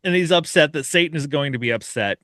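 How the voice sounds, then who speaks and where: A man hosting a podcast, casually and excitedly retelling a horror short film and acting out its characters' lines as he goes. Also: a little high, quick pace, dry recording, clean studio sound. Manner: animated retelling, acts out the characters' lines with laughter. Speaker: podcast host.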